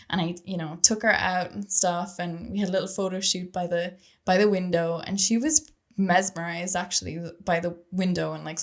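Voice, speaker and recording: A young adult woman hosting a solo podcast, telling a story in a chatty, rambling way, correcting herself as she goes and laughing at herself. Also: medium pitch. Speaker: podcast host.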